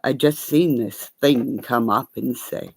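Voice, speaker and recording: A woman in a rambling, profane livestream rant that breaks into sudden shouting. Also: a bass voice, slow pace, gravelly, breathy edge, no room sound, studio quality. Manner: profane, erratic, bursts into shouting.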